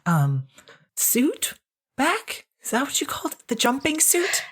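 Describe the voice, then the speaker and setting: A woman voicing a gentle, motherly older woman who speaks softly and hesitantly. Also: high voice, huge pitch swings, measured pace, voice pushed up, heavily acted. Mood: kindly. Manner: soft, hesitant, kindly.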